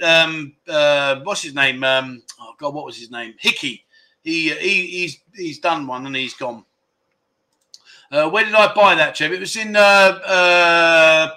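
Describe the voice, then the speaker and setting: A man hosting a livestream, reading viewer comments aloud and reacting with loud, jokey exclamations. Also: on the high side. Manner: excitable, jokey, exclaiming loudly. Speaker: livestream host.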